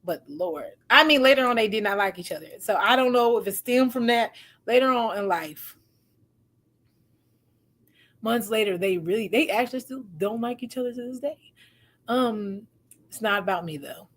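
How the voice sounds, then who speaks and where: Hosting a relationship advice talk, a woman with a slightly high voice speaks at a moderate pace, leaving long pauses. Her storytelling is casual and animated, full of acted-out quotes and frequent laughter.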